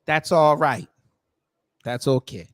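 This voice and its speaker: A man's voice: a little high, takes it slowly, heavy background noise. An American man doing reaction commentary with a sarcastic, incredulous, slangy delivery. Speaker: commentary vlogger.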